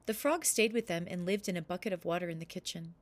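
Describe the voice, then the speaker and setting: A woman reading a children's story aloud with expressive narration. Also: on the low side, fast talker.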